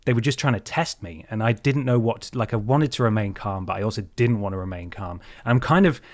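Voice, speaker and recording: A man hosting a podcast who tells a story in an animated way and swears a lot. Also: fairly low pitch, fast talker, dry recording. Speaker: podcast host. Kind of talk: casual chat, storytelling.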